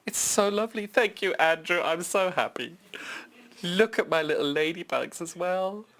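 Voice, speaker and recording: A young woman from the UK presenting a live shopping show, gushing and gasping with excitement as she unwraps fabrics. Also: on the low side, normal speed. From United Kingdom.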